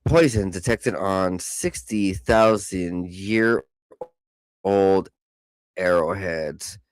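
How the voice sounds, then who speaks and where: A man hosting a podcast, reading news articles aloud with casual joking asides, stumbling over hard words, and saying he is high. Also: drawn-out words, smooth, no room sound. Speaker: podcast host.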